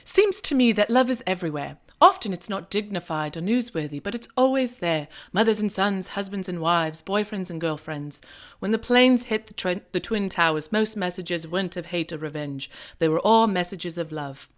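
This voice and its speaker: A woman's voice: lowish voice, expressive, moderate pace, close to an everyday voice. A woman reading a British male prime minister's speech in a put-on British accent, as a hammy mock impression. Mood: earnest.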